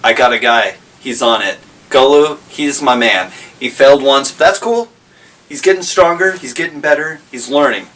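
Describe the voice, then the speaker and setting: A man's voice: mid-range voice, normal speed, lightly acted. Laid-back male overseer, voiced by a man, casual, reassuring, distant mic. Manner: relaxed, reassuring.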